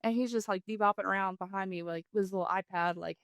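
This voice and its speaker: A woman, a podcast guest telling a hunting story in a casual, animated way. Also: mid-range voice, fast, few pauses, dry recording.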